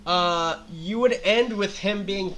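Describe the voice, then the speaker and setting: A man's voice: high-pitched, slow pace, fairly bright tone, a little hiss or hum. A man running a tabletop game as game master, explaining moves with hesitant restarts.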